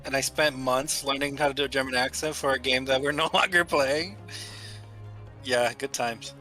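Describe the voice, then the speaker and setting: A man's voice: medium pitch, fairly even intonation, moderate pace, pushed and bright, soft background music. A young man streaming a game, talking in a playful, joking way. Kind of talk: casual let's-play chat.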